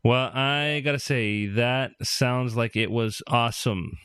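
A man hosting a podcast in casual chat, relaxed and hesitant with fillers. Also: mid-range voice, takes it slowly, clean tone, no room sound. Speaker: podcast host.

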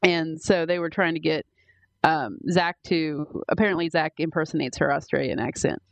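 A woman's voice: deep voice, steady tone, moderate pace, gravelly, no room sound. A woman co-hosting a podcast in casual chat, chatty with many fillers and restarts. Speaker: podcast co-host.

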